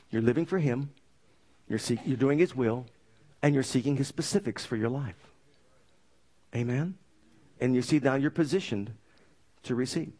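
A man preaching a sermon, telling his story with lively energy and asking the congregation for amens. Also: medium pitch. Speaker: pastor.

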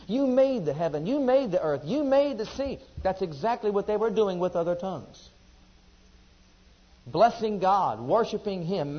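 Preacher man, fairly high voice. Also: husky, highs cut off. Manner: asks the congregation questions, swings between loud emphasis and quiet asides. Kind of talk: sermon.

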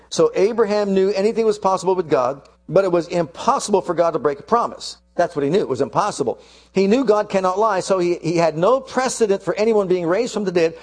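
A man preaching a sermon, acting out the quoted lines of the story. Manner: animated, acts out quotes with shifting pitch.

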